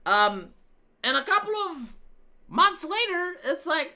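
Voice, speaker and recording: A woman's voice: high voice, very animated, slow pace, bright, forceful tone. A woman live streamer telling a rambling, profane story in casual chat, full of fillers and restarts. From Romania.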